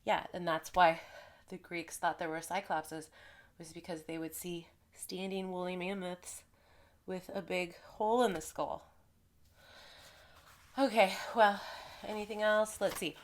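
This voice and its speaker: A woman's voice: on the low side, fairly even intonation, measured pace, long pauses. Nasal, rambling woman vlogger. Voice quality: a little nasal. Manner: rambling, chatty, goes off on tangents. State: congested with a cold. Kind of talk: casual chat to camera.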